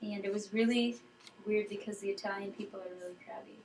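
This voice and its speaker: A woman's voice: medium pitch, fairly even intonation, fast, a little mellow, slight background noise. A woman chatting casually about a trip on a home video, finishing her partner's sentences. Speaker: traveler recounting a trip. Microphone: camcorder mic. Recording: roomy home camcorder audio from a distance.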